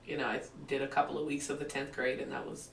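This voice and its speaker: Animated woman storyteller, distant roomy mic. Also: extremely low pitch, fast talker, a little hiss or hum. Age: 40s. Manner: animated storyteller who acts out quotes and laughs often. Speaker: podcast guest. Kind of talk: casual storytelling in an interview.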